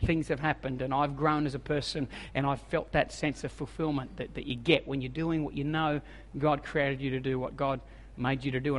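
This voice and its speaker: A man's voice: a little high, fairly bright tone, in a large hall. An Australian man in his forties preaching a sermon as a humorous, self-mocking storyteller. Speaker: evangelist preacher.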